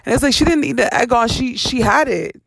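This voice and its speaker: A woman with a gravelly, creaky edge to her voice talks straight into a close, dry-sounding mic. She hosts a casual storytelling monologue, animated and expressive, slipping into little voices for the people she quotes and laughing often. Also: a little high, fairly quick, no room sound. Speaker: podcast host.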